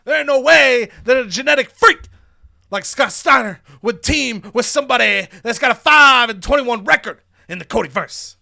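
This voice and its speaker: A man putting on the voice of a brash, arrogant male wrestler who booms his boasts. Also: lively intonation, normal speed, gravelly, exaggerated voice. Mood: boastful. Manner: loud booming boasts.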